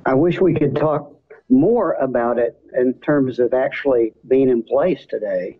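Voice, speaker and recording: Measured male guest on a dull line. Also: mid-range voice, slightly rough. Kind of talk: conversational interview answers.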